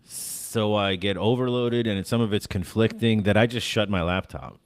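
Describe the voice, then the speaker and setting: Man, very low voice, dry close sound, halting speech, middle-aged. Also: no room sound. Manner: halting, many fillers and restarts. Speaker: stand-up comedian, podcast guest. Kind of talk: casual conversation.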